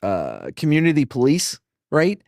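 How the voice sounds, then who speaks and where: A man casually telling profane, animated stories and acting out the quotes, as a podcast host. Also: fairly high pitch, a little slow, vocal fry, no room sound, clean studio sound. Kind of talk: casual storytelling.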